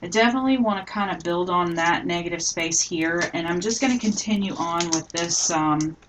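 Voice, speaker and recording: A middle-aged woman hosting a live scrapbooking tutorial, chatting casually and thinking aloud as she works, often trailing off softly. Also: fairly low pitch, fairly quick, background noise.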